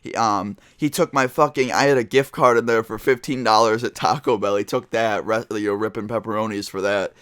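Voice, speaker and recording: A man's voice: lowish voice, fairly even intonation, fairly quick, few pauses, fairly bright tone, smooth, no echo, studio quality. A teenage boy vlogging a storytime, talking casually with lots of fillers and swearing. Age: teens. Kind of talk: storytime vlog.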